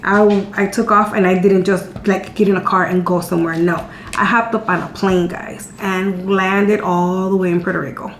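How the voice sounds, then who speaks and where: A woman's voice: medium pitch, level tone, moderate pace, hardly any pauses. A woman in her thirties chatting candidly to her viewers, telling a personal story. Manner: chatty and candid, repeating words as she talks. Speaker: vlogger answering viewer questions. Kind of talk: casual storytelling chat. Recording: echoey room with faint hum.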